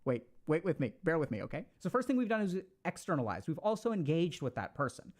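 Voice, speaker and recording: A man giving casual motivational advice in an animated, coaching way with slangy asides. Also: on the high side, quick pace. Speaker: self-help speaker.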